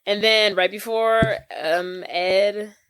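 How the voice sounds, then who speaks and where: A woman's voice: mid-range voice, slow, smooth, no room sound. A woman co-hosting a podcast, recapping a movie in casual, slangy chat and acting out quotes. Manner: animated, slangy storytelling with acted quotes. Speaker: podcast co-host.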